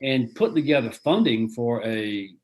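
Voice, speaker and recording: Older man, folksy and rambling, video call chat, middle-pitched voice. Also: animated, moderate pace. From American South. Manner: rambling, many restarts, folksy. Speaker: guest author. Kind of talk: casual interview over video call.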